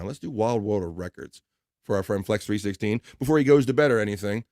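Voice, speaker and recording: A man's voice: mid-range voice, brisk, dry recording, clean studio sound. Chatty middle-aged male stream host. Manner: rambling, loose and chatty with fillers. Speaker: livestream host. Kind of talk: casual livestream chat, reading viewer comments.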